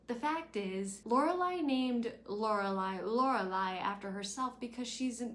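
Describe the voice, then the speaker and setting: A woman's voice: a little slow, few pauses. A woman chats through a recap of a TV episode in an easy, offhand way. She sounds sassy and exasperated. Her voice leaps up and drops back down, and her volume rises and falls as she goes. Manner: sassy and exasperated, with wide jumps in pitch and loudness. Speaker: TV recap vlogger. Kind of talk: casual TV recap commentary.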